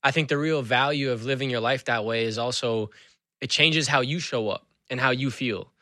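A man's voice: medium pitch, moderate pace, no room sound, clean studio sound. A man who is an author and school speaker, telling stories animatedly as an interview guest. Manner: animated storyteller. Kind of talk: conversational interview.

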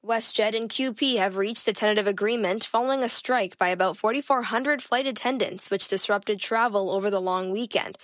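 A woman anchoring a radio newscast in a measured, formal delivery. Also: medium pitch, fairly bright tone, dry recording, studio quality. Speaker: news anchor. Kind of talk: news reading. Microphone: studio mic.

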